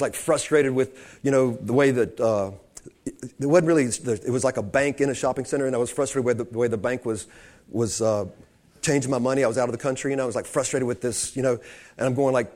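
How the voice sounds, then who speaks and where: A man's voice: medium pitch, fast, a little mellow. A man preaching a sermon, telling stories with many restarts and building to fervent emphasis. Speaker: pastor.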